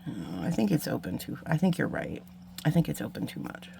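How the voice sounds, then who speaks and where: A woman's voice: rumbling low, very animated, fairly quick, creaky, mellow, a little hiss or hum. A woman hosting a beading tutorial, chatting casually and mocking herself while she works, with muttered asides to the viewers. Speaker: beading channel host. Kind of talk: casual craft tutorial chat.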